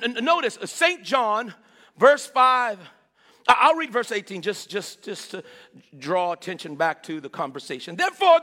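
A man preaching a sermon with enthusiasm, repeating words and swinging between loud calls and low murmurs. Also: big-room sound.

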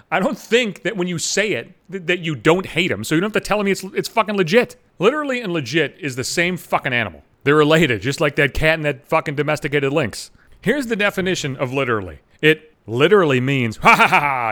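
A man with a high, fairly bright voice hosts his own podcast, launching into an exasperated comedic rant. He swears constantly and slurs some words slightly.

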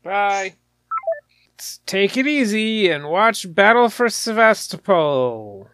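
A man's voice: sits high, very animated, slow, fairly bright tone, a little hiss or hum. A man co-hosting a podcast, chatting casually and joking with friends. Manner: joking, teasing. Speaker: podcast co-host. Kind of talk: casual chat.

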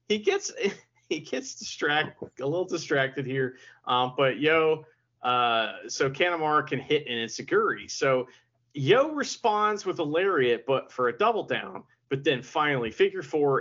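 A man's voice: fairly high pitch, a bit bright. A man co-hosting a wrestling podcast, giving a wry, amused match recap. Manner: wry, laughs at the action, quick recap. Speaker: podcast co-host. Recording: dull lo-fi audio.

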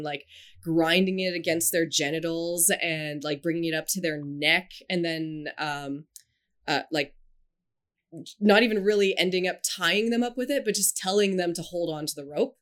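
A woman with a slightly low voice chats casually on a podcast. She rambles with lots of fillers and keeps breaking into giggles. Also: fairly bright tone. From Scotland and China. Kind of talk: casual chat.

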